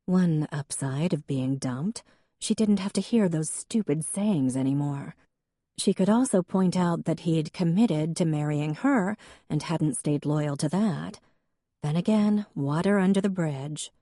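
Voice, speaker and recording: A woman's voice: sits low, measured pace, warm tone, no echo, studio quality. A woman narrating an audiobook in a wry, conversational way. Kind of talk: scripted narration.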